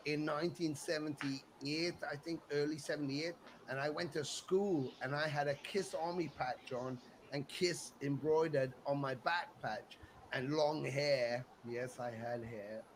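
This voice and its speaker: A middle-aged English man tells stories in a casual interview, animated and quick to act out what others said. His voice sits a little high for a man. A faint hiss runs under the call audio. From England. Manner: animated storyteller, acts out quotes, swears freely. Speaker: musician guest.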